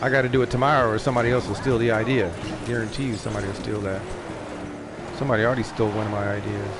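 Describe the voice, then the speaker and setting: A man streaming live, rambling in casual chat, excitable and profane. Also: on the low side, very fast, heavy background noise. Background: music playing.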